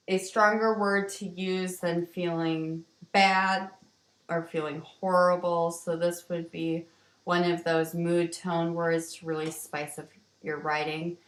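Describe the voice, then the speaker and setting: A woman teacher walking students through vocabulary words in a slow, explanatory way, with ums and restarts. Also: lowish voice. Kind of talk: vocabulary lesson walkthrough. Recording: roomy, distant from the mic.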